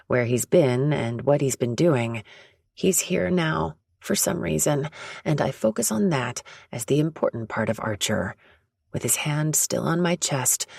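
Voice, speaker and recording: Husky woman narrating a romance audiobook. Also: a bass voice, a little mellow, no echo, clean studio sound.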